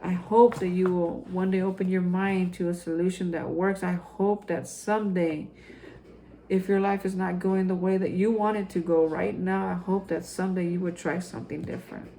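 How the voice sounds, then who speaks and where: A man giving a heartfelt daily reflection to viewers, rambling with restarts and ending in earnest, hushed encouragement. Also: high voice, flat delivery, moderate pace, creaky, a little hiss or hum, rough recording. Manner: rambling, repeats and restarts, addresses viewers as folks. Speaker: recovery vlogger.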